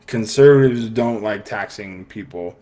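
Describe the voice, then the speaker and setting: A man's voice: on the low side, measured pace, mellow. A man hosting a casual podcast, giving a sarcastic, opinionated monologue with lots of fillers and restarts. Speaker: podcast host. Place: live stream broadcast.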